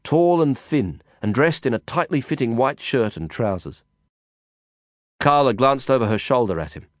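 A man reading a novel aloud in first person, measured and reflective. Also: mid-range voice, lively intonation, dry recording, clean studio sound. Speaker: audiobook narrator. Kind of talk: first-person audiobook narration.

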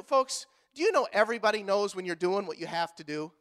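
A man pastor preaching a sermon in a church, animated and joking with the congregation, acting out quotes in other voices. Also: high voice, fast talker, hardly any pauses, smooth.

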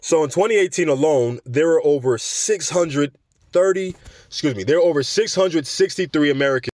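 A man's voice: fairly high pitch, normal speed, a little mellow, no room sound. A man hosting a show, reading news aloud and breaking off for casual commentary. He trips over words and corrects himself. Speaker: show host.

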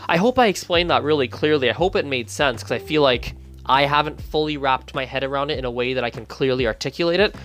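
A man talking casually into the camera for his language-learning channel. His voice sits at an everyday middle pitch, and his delivery is lively as he thinks out loud, circling back and restarting mid-sentence. Soft music plays faintly underneath. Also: quick pace. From Canada. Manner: thinking aloud, animated, frequent restarts.

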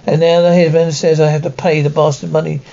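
An actor voicing a crude villager who tells a bawdy tale in a rough, indignant way in an animated series, heard in muffled, lo-fi film audio. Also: male voice, on the high side, fast talker. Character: crude coarse male villager telling a bawdy tavern tale.

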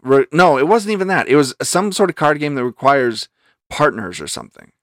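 A man with a mid-pitched voice that rises and falls a lot, chatting on a podcast. He throws in short agreeing replies and tells his own story haltingly. The sound is dry and close to the mic. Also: expressive, a bit bright, no echo. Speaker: podcast co-host. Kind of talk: casual chat.

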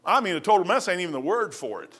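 Preacher, male, high and bright, animated testimony with loud bursts and stammers. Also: racing, breathy edge. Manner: animated storytelling with sudden loud outbursts. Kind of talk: testimony sermon.

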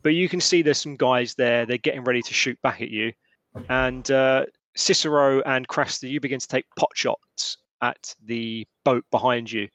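A man narrating as game master of a tabletop role-playing game, halting and full of restarts. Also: medium pitch, a bit bright, no echo. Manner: halting, lots of restarts and fillers.

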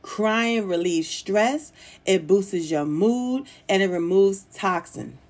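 Woman, podcast host, mid-pitched, casual and encouraging solo talk. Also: slow, darkish tone. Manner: chatty, encouraging, informal with little laughs.

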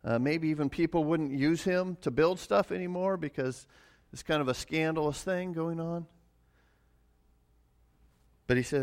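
A man's voice: a little high, measured pace, long pauses. A middle-aged man preaching a sermon as pastor, earnest and often repeating words as he starts a phrase.

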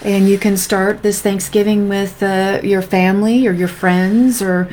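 A woman's voice: mid-range voice, level tone, a little slow, a little mellow, a little hiss or hum, low-quality recording. A woman co-hosting a sermon program, chatting in a conversational, affirming way and often agreeing with her partner. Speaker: co-host. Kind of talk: sermon discussion.

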